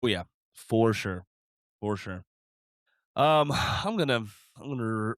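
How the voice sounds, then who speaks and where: A laid-back man hosting a podcast, his voice a bit low and very smooth and clear. He eases along with plenty of fillers and small restarts. The recording is dry and close, with no room sound. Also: expressive, a little slow, pauses often, a bit bright, no echo. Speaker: podcast host. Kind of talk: casual chat.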